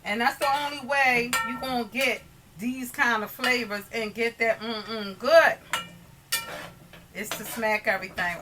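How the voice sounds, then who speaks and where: A medium-pitched woman hosts a chatty, homey cooking tutorial in her own kitchen, often saying "you guys" to her viewers. Behind her, pots, pans and dishes clink amid background noise.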